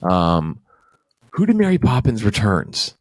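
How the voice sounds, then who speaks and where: Low-voiced male host, dry sound, loose rambling delivery full of fillers. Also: huge pitch swings, unhurried, no room sound. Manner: rambling, many fillers and restarts; swears casually. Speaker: podcast host. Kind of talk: casual chat.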